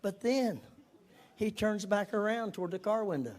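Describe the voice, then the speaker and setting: A man's voice: sits high, animated, normal speed, a little mellow. An older man telling a personal testimony in a folksy, self-mocking way, chuckling at himself as he goes. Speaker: guest speaker.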